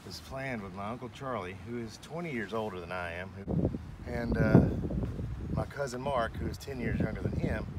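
A middle-aged man tells a story with animation, acting out the voices of the people in it. He sounds set back from the mic, with clear outdoor background noise. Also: mid-range voice, recorded from a distance. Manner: animated storyteller who acts out dialogue. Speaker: vlogger's father. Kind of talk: casual storytelling.

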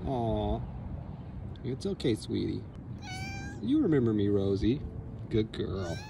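A man on a casual walking vlog outdoors, talking to cats in gentle baby talk. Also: lowish voice, sing-song, slow, creaky, background noise. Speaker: vlog co-host. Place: outdoor neighborhood street.

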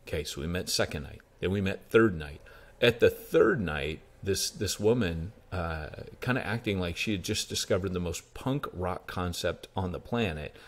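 An American pastor and church planter with a deep voice speaks at normal speed. Telling stories in an informal interview, he's lively and plays out the quoted dialogue himself.

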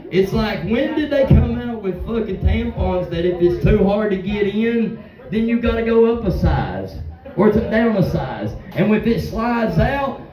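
A man's voice: sits high, dark tone, echoey room, far from the mic, poor audio. A man doing a crude, rowdy stand-up set and talking straight to a bar crowd. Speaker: stand-up comedian. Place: bar stage with a live audience.

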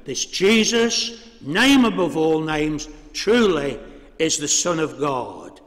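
A man preaching a sermon in a church, measured and full of rhetorical questions. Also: high voice, fairly bright tone. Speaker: priest. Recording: reverberant church hall.

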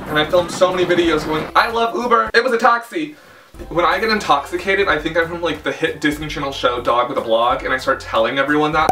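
A man's voice: on the high side, steady tone, fast talker, few pauses, far from the mic, background noise. A young man telling a dramatic storytime in a chatty way, full of filler words. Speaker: vlogger. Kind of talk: casual storytime.

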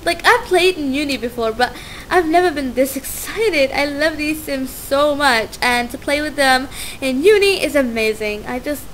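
A young woman doing casual let's play commentary, gushing with excitement and stumbling over words as she plays. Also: high-pitched, moderate pace, slight background noise.

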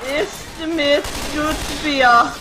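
Slow tipsy gamer. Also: high voice, fairly even intonation. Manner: slow, slightly slurred, tipsy and giggly. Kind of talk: casual chat while playing and drinking. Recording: game gunfire noise behind.

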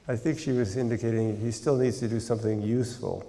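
An older American man lectures in a large university hall, his voice gravelly and mellow. He speaks in a measured, deliberate way and slips in dry humor. The long reverb of the hall trails behind every phrase. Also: mid-range voice. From United States. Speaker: guest lecturer, scientist.

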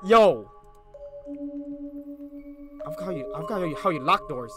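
A man's voice: a little high, animated, takes it slowly. Jumpy young man playing a horror game. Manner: casual slangy chatter, jumpy and easily spooked. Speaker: gaming YouTuber. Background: loud eerie game music.

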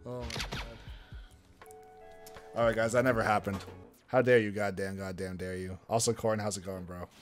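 A man's voice: lowish voice, steady tone, moderate pace, pauses often, soft background music. A young man streaming a fighting game, chatting casually with his viewers, joking and swearing. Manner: loud, swearing, joking with chat. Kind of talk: casual gaming stream chat.

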